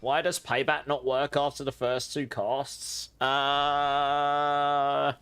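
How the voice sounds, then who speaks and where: A man's voice: on the high side, flat delivery, takes it slowly, a bit bright, clear, resonant tone. A man streaming a game live, chatting casually with viewers and laughing often. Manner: chatty, laughs often, talks to chat and his cat. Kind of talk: live gameplay commentary.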